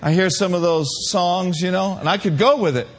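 A man's voice: high voice, fairly quick. A man preaching a sermon, emphatic and humorous, calling out to his congregation.

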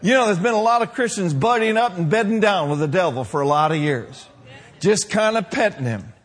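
A male preacher delivering a sermon, stretching out key phrases and building to forceful declarations. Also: high-pitched, expressive. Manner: emphatic, drawn-out declarations, rising to shouts.

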